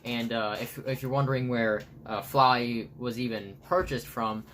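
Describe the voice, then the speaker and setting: Raspy male vlogger, rambling show-and-tell, ordinary pitch, faint background hiss. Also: steady tone, moderate pace, a bit bright. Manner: rambling, many fillers and restarts. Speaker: comic artist and vlogger.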